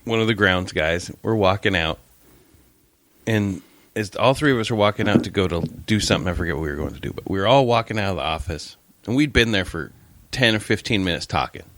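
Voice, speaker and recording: A middle-aged man co-hosting a casual podcast, telling a story and jumping his voice up high for the people he quotes. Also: lively intonation, a little fast, fairly bright tone, no echo. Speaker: podcast co-host.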